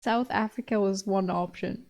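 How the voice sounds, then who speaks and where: A woman's voice: medium pitch, fairly even intonation, moderate pace, gravelly, a little mellow. A young woman streamer chatting casually with her viewers, laughing often and swearing casually.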